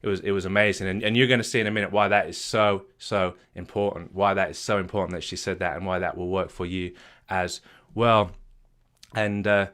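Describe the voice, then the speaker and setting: A man's voice: low voice, fairly even intonation, fairly quick, a bit bright. A middle-aged man, a marriage coach, telling his own story earnestly, repeating phrases and restarting often. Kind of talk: personal story told to an audience.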